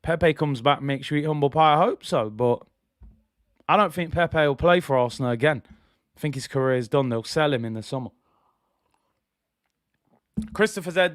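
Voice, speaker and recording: A man's voice: a little high, expressive, normal speed, a bit bright, no room sound, studio quality. A man hosting a live football watch-along stream, giving opinionated chat and reading viewers' messages aloud.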